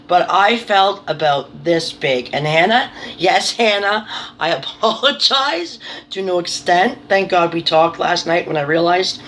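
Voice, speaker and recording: A woman's voice: lowish voice, moderate pace, a bit bright, slight background noise. Rambling, nervous woman vlogging. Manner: rambling and self-deprecating, swears casually; nervous, apologetic. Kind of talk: casual chat to camera.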